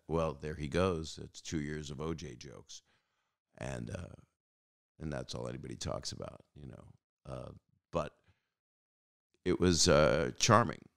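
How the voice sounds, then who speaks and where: Very deep, gravelly man telling stories. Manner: rambling, halting, with many fillers and restarts; animated, acts out other people's lines. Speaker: podcast host. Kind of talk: casual storytelling.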